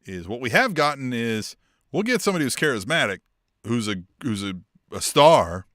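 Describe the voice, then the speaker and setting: A male podcast co-host talking in a bright, forceful voice with lots of rise and fall. He is excitable and swears freely in casual chat. The sound is close and dry. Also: mid-range voice, normal speed, dry recording. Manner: excitable, swears a lot, retells scenes with big swings in voice.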